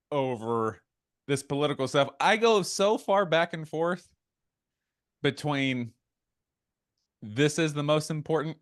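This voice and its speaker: A man's voice: on the high side, slow, pauses often, clear, resonant tone, dry recording. Heated podcast man with a dry, close sound. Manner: animated, heated, trails into quoted asides. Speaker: podcast co-host. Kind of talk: casual chat.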